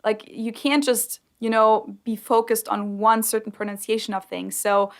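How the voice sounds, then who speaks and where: Young German woman co-hosting a podcast in English, fairly high voice, chatty. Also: steady tone, moderate pace. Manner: chatty, laughs easily, many fillers. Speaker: podcast co-host. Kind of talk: casual chat.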